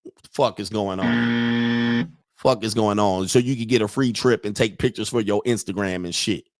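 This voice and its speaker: A man's voice: on the low side, fairly even intonation, moderate pace, dry recording, studio quality. A man hosting a livestream, giving a profane, mocking rant and often laughing at his own points. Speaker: host of a dating and lifestyle livestream.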